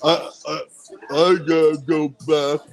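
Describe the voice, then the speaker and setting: A man's voice: a little high, flat delivery. A man mimicking a stiff, groaning, aching guy. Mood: groaning strain. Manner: halting, grunting, strained.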